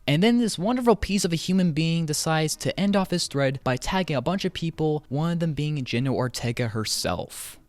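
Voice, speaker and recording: A man's voice: fairly high pitch, lively intonation, moderate pace, few pauses, no echo. A man ranting in an online commentary video, exasperated and swearing heavily as he jumps between tangents. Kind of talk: profane commentary rant.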